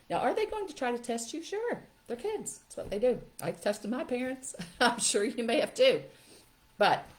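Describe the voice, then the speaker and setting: An older woman, a parenting educator, talking in a casual, chatty way during a live question-and-answer session. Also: on the low side. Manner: chatty, animated, laughs often. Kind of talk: live webinar Q&A.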